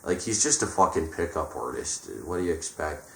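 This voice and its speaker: Low-voiced man ranting sarcastically. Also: animated, brisk, sharp tone, roomy sound. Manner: sarcastic, profane, exasperated. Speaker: film reviewer. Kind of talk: ranting film review.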